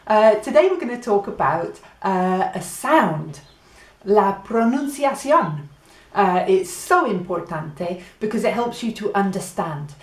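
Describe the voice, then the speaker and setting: A woman gives an unhurried beginner lesson, drawing each word out and repeating it so learners can follow. Her voice is mid-pitched and rings a little in an echoey room. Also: lively intonation. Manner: slow, deliberate, repeats words for practice. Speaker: Spanish teacher. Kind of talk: beginner language lesson mixing English and Spanish.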